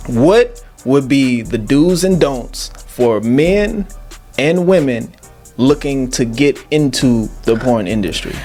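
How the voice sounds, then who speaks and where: Chill guy hosting a podcast, keeps saying right, soft music in the back. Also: mid-range voice, lively intonation, slow. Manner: frequent affirming "right", laid-back. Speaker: podcast host. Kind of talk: casual interview.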